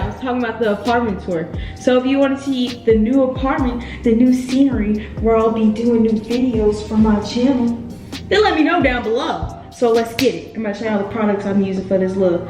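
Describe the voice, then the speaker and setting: A young woman with a slightly high voice talks viewers through a hair tutorial in a loose, playful way, full of asides. She records in an echoey room. Music plays clearly behind her. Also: warm tone. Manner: chatty, playful, rambling asides. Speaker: beauty vlogger. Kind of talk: casual hair tutorial vlog.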